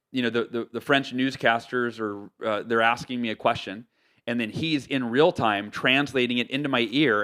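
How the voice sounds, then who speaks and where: A man from the United States, an author, telling stories as a podcast guest in an animated way, with lots of fillers and restarts. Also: mid-range voice. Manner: animated, loose talk with many fillers and self-corrections. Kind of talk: casual storytelling interview.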